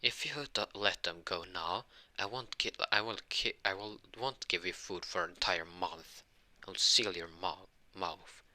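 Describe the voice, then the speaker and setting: A man voicing a blunt, easygoing teen boy swordsman in an improvised fan story, with a flat, offhand delivery. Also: sits low, unhurried, no room sound, full character voice. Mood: threatening.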